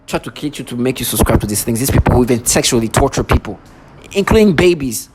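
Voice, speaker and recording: A man's voice: mid-range voice, animated, fast talker. Agitated ranting man, noisy recording. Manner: agitated, ranting, stammering restarts. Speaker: vlogger. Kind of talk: angry monologue.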